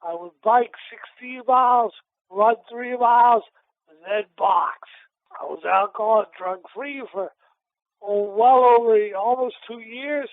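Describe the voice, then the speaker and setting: This middle-aged man from Massachusetts, USA, once a boxer and now retired, has a very high-pitched voice and keeps a measured pace. Calling into a radio show on a tinny phone line, he rambles through stories in a casual interview, often restarting and repeating himself.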